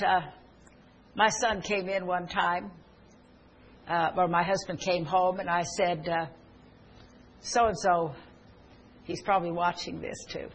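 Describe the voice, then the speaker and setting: A woman's voice: fairly low pitch, slight background noise, low-quality recording. A woman preaching a sermon, telling personal stories and building to earnest, emphatic exhortation.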